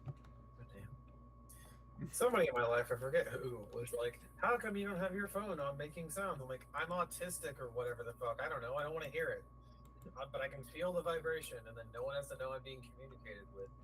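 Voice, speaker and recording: A man's voice: medium pitch, fairly quick. A man playing in a tabletop game, chatting casually and cursing a lot as he tells stories. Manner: chatty, profane, animated storytelling. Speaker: player. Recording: noisy stream audio.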